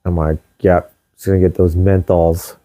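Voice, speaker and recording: Swearing, animated young man telling a story. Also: sits low, normal speed. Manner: animated, swears freely, acts out quotes. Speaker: co-host. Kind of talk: casual storytelling chat.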